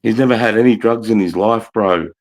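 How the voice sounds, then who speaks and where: A man's voice: lowish voice, brisk, rough recording. A man, telling a rambling story in casual livestream chat, swearing often and saying mate and bro.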